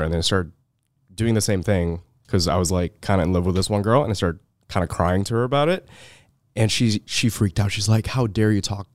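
A young man chatting casually, speaking haltingly and repeating his words as he talks. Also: fairly low pitch, dry recording. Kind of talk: casual chat.

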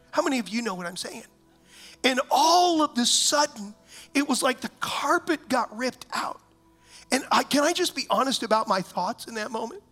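A man's voice: very high voice, expressive, moderate pace, bright, forceful tone, faint music behind. A man, a pastor, preaching a sermon in church, telling a personal story and often asking the congregation whether they know what he means.

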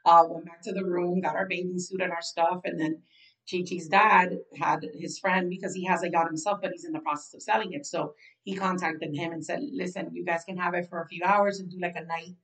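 A young woman from Florida co-hosts a casual chat, talking freely and repeating herself as she goes. Her voice sits a touch low. She sounds slightly off-mic. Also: flat delivery, a little fast, distant mic, poor audio. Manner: chatty, laughs easily, repeats phrases. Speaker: podcast co-host.

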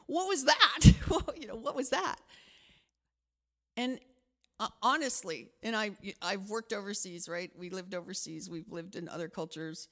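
A middle-aged woman pastor giving a conversational sermon, telling a personal story and acting out the voices in it. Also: mid-range voice. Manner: animated storytelling with acted-out quotes.

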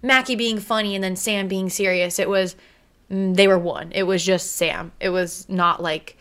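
A woman's voice: mid-range voice, steady tone, normal speed, a bit bright. Giggly gushing woman chatting. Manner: gushing, giggly, filler-heavy. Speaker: episode reviewer. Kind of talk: casual chat.

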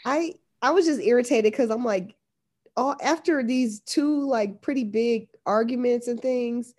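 A woman co-hosting a casual chat, chiming in with quick agreement and frequent laughter. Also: a little high, a little mellow. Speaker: podcast co-host.

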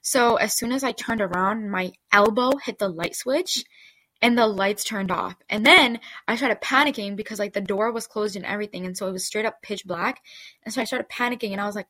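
A woman's voice: medium pitch, brisk, fairly bright tone. A woman hosts her podcast and tells a story from her own life in a loose, talkative style. Her speech is packed with "like" and "okay?" as she goes. Her voice sits in a middle range and sounds dry and close, with no room echo. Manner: chatty, full of "like" and "okay?". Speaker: podcast host. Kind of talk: casual storytelling.

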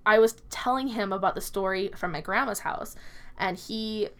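A woman's voice: mid-range voice, moderate pace, fairly bright tone, smooth. A woman in her twenties telling personal stories in casual chat, quoting people and laughing often. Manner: chatty, quotes people often, laughs a lot. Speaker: podcast co-host.

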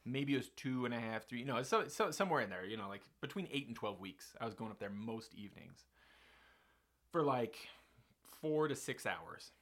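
A man's voice: medium pitch, lively intonation, normal speed, a bit bright. A man hosting a podcast, telling a long story in a casual, rambling way with lots of fillers and restarts.

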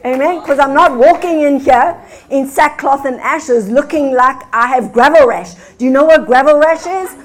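High-voiced older woman preaching. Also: moderate pace. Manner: animated storytelling preacher, rising to fervent exclamations. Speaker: guest minister. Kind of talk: sermon.

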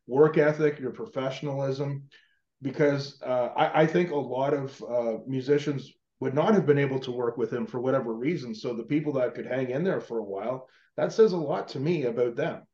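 A man's voice: medium pitch, warm tone, muffled recording. Rambling male host in an echoey room. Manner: rambling, halting, many "uh"s and restarts. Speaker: podcast host, interviewer. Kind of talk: casual interview questions.

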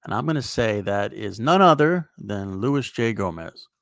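Gravelly low comedian guest. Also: male voice, animated, normal speed, background noise. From New York City. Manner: joking, hesitant guesses. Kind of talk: comedy podcast banter.

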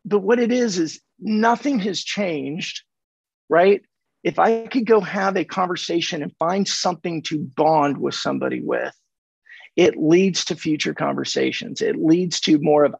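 A man from California, a sales coach on a podcast, telling animated stories and acting out the dialogue. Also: fairly high pitch, measured pace, gravelly, slightly rough, dry recording. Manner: animated, acts out dialogue in anecdotes. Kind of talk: conversational storytelling. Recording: dull dry lo-fi audio.

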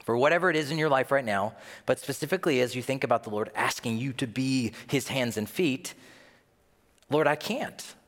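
A man preaching a sermon in a conversational, animated way, often acting out bits of dialogue. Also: medium pitch, fast talker. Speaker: pastor. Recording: long reverb of a large hall.

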